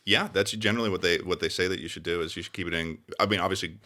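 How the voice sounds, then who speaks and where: A man's voice: low-pitched, steady tone, racing, pushed and bright. A man as a podcast guest in casual chat, jokey and rambling with restarts.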